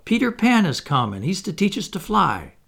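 A man with a husky, gravelly voice voicing an excitable, well-bred young girl in a storybook reading, all exclamations. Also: fairly high pitch, unhurried, pitched above the performer's own voice, exaggerated voice. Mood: excited. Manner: breathless, exclaiming.

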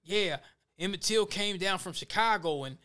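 A man's voice: sits high, sharp tone. A man voicing an evasive white Southern sheriff who halts and mumbles through his excuses, in a mocking put-on during his commentary. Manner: halting, mumbled, full of hesitations.

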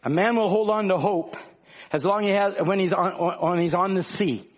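Male pastor, high raspy voice, impassioned conversational preaching, muffled recording. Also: normal speed. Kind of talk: sermon.

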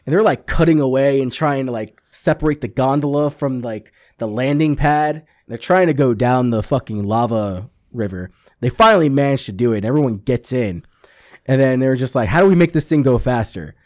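This podcast co-host talks fairly quickly at a medium pitch, casually recapping a TV episode while acting out characters' dialogue. He's an animated storyteller who swears a lot, and the recording is dry and studio-clean.

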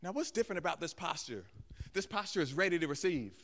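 A man's voice: fairly high pitch, sing-song, fast talker, fairly bright tone. A man, a guest pastor, preaching a sermon live in a church and acting out voices in the dialogue he tells. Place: church sanctuary with balcony. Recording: church hall reverb.

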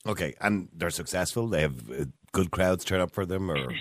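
A man hosting a phone-in interview, jumping in with quick questions. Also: low-pitched, expressive, no echo, clean studio sound. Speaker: radio host.

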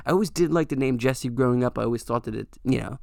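A man's voice: mid-range voice, fast talker, gravelly, a little mellow, no echo, clean studio sound. A young adult man hosting a podcast, telling a rambling, profane story in a casual way. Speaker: podcast host. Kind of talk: storytelling monologue.

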